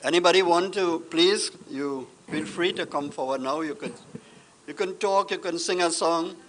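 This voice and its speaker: A man hosting an open sharing session at a home funeral, coaxing mourners forward in a soft, easygoing way. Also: a little high, moderate pace, slight background noise. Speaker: funeral service host and singer. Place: funeral gathering at a family home.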